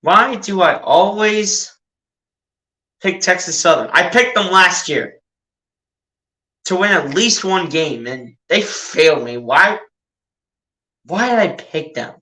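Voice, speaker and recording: Excitable fan man calling a game. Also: high-pitched, takes it slowly, long pauses. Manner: chatty and excitable, often says "dude". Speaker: streamer doing live play-by-play. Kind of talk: casual fan play-by-play commentary.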